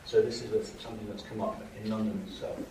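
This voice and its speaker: Fast and mellow, this lecturer has a fairly low voice with little pitch movement. In a university lecture hall, he explains material while repeatedly asking "okay?" and "right?", and the distant recording carries hall echo and faint noise.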